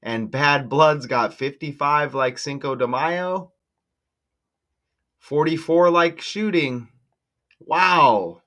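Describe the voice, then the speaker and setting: Excitable man talking to his viewers. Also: fairly high pitch, slow, long pauses. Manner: excitable, exclaims often, talks to viewers directly. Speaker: channel host decoding news numbers. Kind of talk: casual screen-share commentary.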